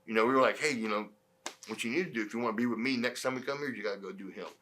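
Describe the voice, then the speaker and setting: Middle-aged man, ex-wrestler guest, bright edgy tone, loose and profane storyteller. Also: mid-range voice, racing, a little hiss or hum. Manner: profane, animated storytelling with acted quotes. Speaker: former wrestler, interview guest. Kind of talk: shoot interview storytelling.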